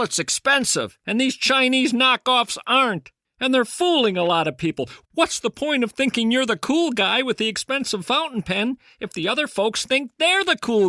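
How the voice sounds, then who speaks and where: A man riffs through a sarcastic comedy monologue with a bright, forward tone and a lively, swooping pitch. The sound is dry and close, with no room around it. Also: no echo. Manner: wry, sarcastic, theatrical. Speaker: podcast host.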